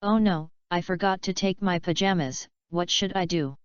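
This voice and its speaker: A woman's voice: on the low side, moderate pace, clear, resonant tone, no echo, lightly acted. A woman reading the lines of a shy young heroine in an audiobook, in her own plain voice. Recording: dull lo-fi dry recording.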